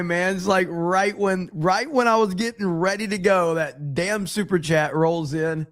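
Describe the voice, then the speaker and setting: Give me a male podcast host with a fairly high voice, loose and rambling, laughing a lot. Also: a little slow, few pauses, fairly bright tone. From United States. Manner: laughs often, loose and rambling, reads viewer messages aloud. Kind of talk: casual livestream chat.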